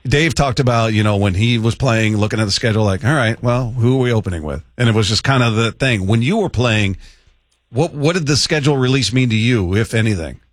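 A man's voice: medium pitch, a little fast, no room sound. Man, sports radio co-host, casual chat, dry close studio sound. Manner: easygoing, laughs often.

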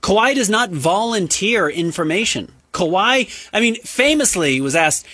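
A male sports radio co-host with a bright, slightly husky voice, tossing off quick deadpan jokes. He sits close to the studio microphone in a dry, dead-sounding booth. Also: sits high, dry recording. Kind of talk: casual on-air banter.

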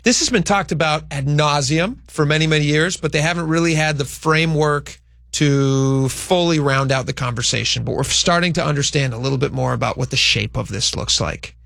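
Man, talk radio host, casual rambling banter, gravelly, dry studio sound. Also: fairly high pitch, fairly bright tone, no echo. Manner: chatty, rambling, asks cohost questions.

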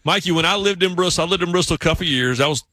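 A man with a Southern US accent, hosting a sports radio show and telling stories in a lively, casual way. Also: on the high side, very fast. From South Carolina, US South. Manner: animated, acts out voices in stories.

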